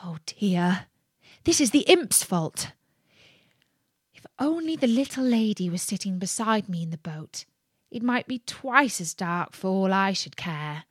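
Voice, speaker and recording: Woman doing a gentle worried tin soldier. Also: mid-range voice, expressive, unhurried, dry recording, studio quality. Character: brave, lovestruck male toy tin soldier.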